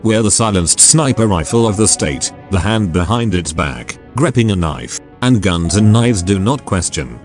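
A man's voice: low-pitched, normal speed, hardly any pauses, faint music behind. A text-to-speech man reading a ruthless spymaster. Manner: flat synthetic delivery. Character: cold ruthless male spy handler on radio.

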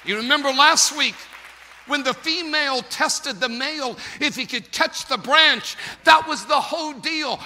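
A male pastor preaching a sermon in a storytelling way, building up to shouting. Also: extremely high pitch, unhurried, some chatter behind, slight background noise. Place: church sanctuary. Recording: long reverb of a large church.

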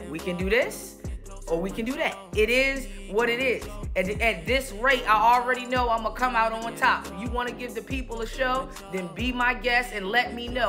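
A woman on a YouTube channel giving confrontational commentary, sassy and calling someone out, laughing in between. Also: a little high.

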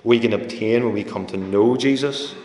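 A man's voice: lowish voice, moderate pace, a little mellow, slight background noise. A man preaching a sermon in a church hall, talking in a conversational way and telling stories with quoted voices. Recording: echoey hall with long reverb.

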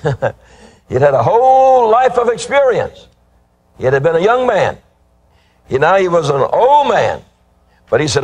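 Husky-voiced older male preacher. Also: sits high, sing-song, a little mellow. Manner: emphatic, drawn-out delivery; reads scripture aloud. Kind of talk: sermon.

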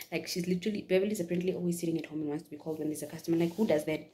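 A woman from Namibia tells a story in a casual vlog at a hair salon. She is animated and repeats words in quick strings. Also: fairly low pitch, slight background noise. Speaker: YouTuber.

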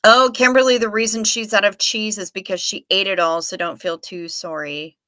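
A woman's voice: mid-range voice, fairly even intonation, normal speed, sharp tone, no echo. A woman with a Minnesota accent hosting a livestream, chatting casually and reading viewer comments aloud in a playful way. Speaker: livestream host.

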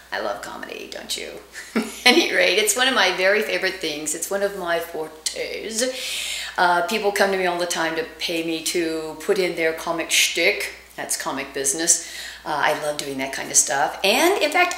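A woman's voice: mid-range voice, bright, forceful tone, reverberant. A middle-aged woman acting coach giving a casual, bubbly lesson, laughing often and acting out example lines. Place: home studio room with her dog.

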